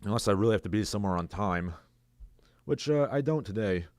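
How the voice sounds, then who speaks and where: A man's voice: on the low side, lively intonation, brisk, a little mellow, dry recording. A man hosting his own livestream, talking alone in a sarcastic, rambling way and reading out viewers' chat messages. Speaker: livestream host. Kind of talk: casual solo commentary.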